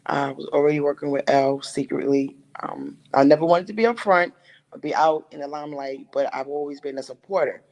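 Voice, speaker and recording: A middle-aged woman is interviewed about founding her management company. She tells the story in an emotional, animated way, acting out other people's lines as she goes. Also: sits low, brisk, low-quality recording. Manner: emotional, animated, acts out quotes.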